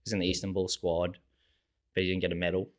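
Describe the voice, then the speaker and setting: Low-pitched and a fast talker, this young Australian podcast guest tells stories in a casual chat. He acts out what people said with relaxed, animated energy, using "like" in nearly every sentence.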